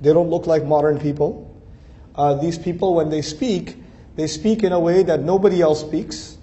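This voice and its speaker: An Islamic speaker gives an earnest religious lecture to a Muslim audience in a mellow, steady voice on the high side, at a moderate pace. He builds lists of phrases and rises to emphatic peaks.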